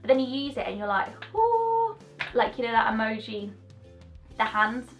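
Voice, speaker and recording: Bubbly, higher-voiced young woman. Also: steady tone, a little fast, a bit bright, lo-fi sound, faint music behind. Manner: chatty, bubbly, goes off on tangents. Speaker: beauty vlogger. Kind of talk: casual product review chat.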